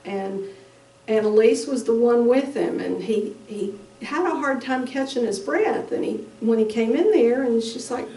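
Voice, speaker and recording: A middle-aged woman giving a halting, emotional personal testimony as a bereaved mother at a conference. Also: on the high side, lively intonation, mellow. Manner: slow, halting, emotional storytelling. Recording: echoey room, distant mic.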